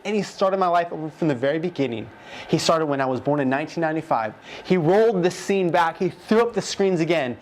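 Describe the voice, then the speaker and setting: A man in his twenties giving an emotional personal testimony, telling it in a heartfelt, animated way with many fillers. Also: a little high, fairly quick, a little hiss or hum. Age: 20s. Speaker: guest telling a near-death testimony.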